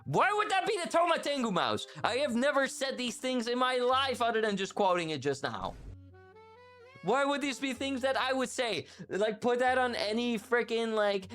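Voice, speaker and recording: Animated, giggly woman streamer. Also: on the high side, moderate pace, faint music behind. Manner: playful, giggly, flustered protesting. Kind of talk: casual live-stream chat.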